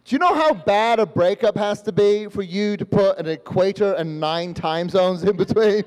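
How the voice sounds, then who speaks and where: A man's voice: sits high, moderate pace, clear, resonant tone, in a large hall. A man with a mixed Northern Irish and London accent doing a stand-up set on a live stage, acting out voices and swearing freely. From born in Australia, raised in Northern Ireland. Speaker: stand-up comedian. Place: live comedy venue with audience.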